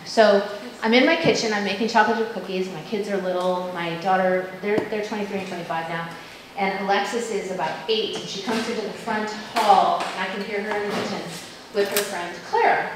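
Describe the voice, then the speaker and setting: A woman's voice: medium pitch, a little fast. Woman speaker in a very echoey room. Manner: lively, asks many questions, acts out quoted voices. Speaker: parent education speaker. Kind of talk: workshop talk to parents. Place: school room. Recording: very echoey room with faint noise.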